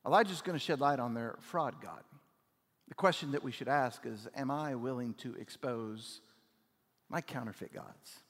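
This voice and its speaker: Male pastor, mid-range voice, conversational sermon with big dynamic swings, reverberant auditorium. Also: moderate pace. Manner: builds to loud emphatic peaks, then drops low and quiet; conversational, with "like" fillers and audience questions. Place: church auditorium. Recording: long hall reverb.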